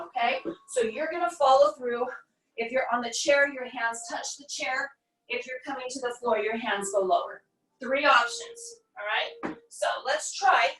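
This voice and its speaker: A woman's voice: high-pitched, a bit bright. A woman in her forties leading a guided yoga class, cueing each breath and pose with encouragement, a little out of breath. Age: 40s. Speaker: yoga instructor. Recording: echoey room, voice from a distance.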